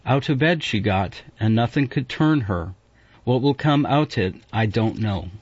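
A man reading an audiobook voices a fretful old village widow who cries out her words slowly. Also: medium pitch, expressive, slightly rough, dry recording. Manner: exclaiming, slow. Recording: dull, dry audiobook recording.

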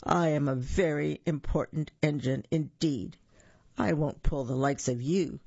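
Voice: medium pitch, a little slow, creaky, darkish tone, slightly rough, no room sound. A reader voicing a proud male freight engine who boasts and refuses to help, on a dull, slightly lo-fi recording. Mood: haughty. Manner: boastful, dismissive.

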